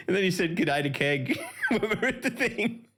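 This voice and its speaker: A man's voice: sits high, expressive, moderate pace, sharp tone. An Australian man in his thirties, a podcast co-host, teasing his friends in casual chat and laughing often.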